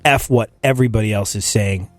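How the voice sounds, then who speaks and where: A man's voice: on the low side, fairly quick, dry recording, faint music behind. Rambling talk-show host man, dry mic. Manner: rambling, animated, riffing with restarts. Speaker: podcast host. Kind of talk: casual comedic talk-show chat.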